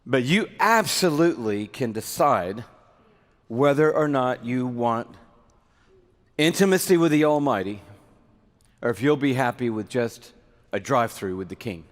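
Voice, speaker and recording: A middle-aged man preaching a sermon in a large hall, animated and acting out little scenes to make his point. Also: medium pitch, measured pace, long pauses. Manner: animated, acts out little skits with props. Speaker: pastor. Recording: reverberant hall.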